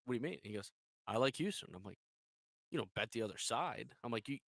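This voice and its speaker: A man co-hosts a sports radio show and tells stories with real energy. He acts out his friends' lines as he goes. His voice is bright and forceful, and the sound is dry and close. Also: medium pitch, lively intonation, fast, creaky, no echo. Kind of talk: casual on-air storytelling.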